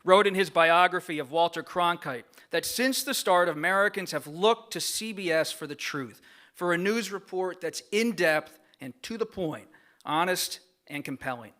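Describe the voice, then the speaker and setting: A man with a slightly higher pitch and a bright, forceful tone delivers a prepared acceptance speech at a gala podium. His delivery is earnest and grateful, measured like a written speech read aloud, and it carries through a podium microphone in a large banquet room. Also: expressive. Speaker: award recipient giving an acceptance speech.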